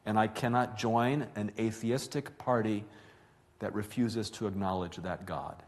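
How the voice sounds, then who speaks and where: A man voicing a calm, steadfast woman of faith. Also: on the low side. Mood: calm, firm. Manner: calm, firm, measured.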